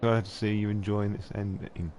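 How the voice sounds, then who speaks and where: Guy with a lowish voice chatting away on his stream, swears a lot, laughs a lot, bit of faint hiss behind. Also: level tone, normal speed, darkish tone. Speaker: live-stream host. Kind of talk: casual live-stream chat.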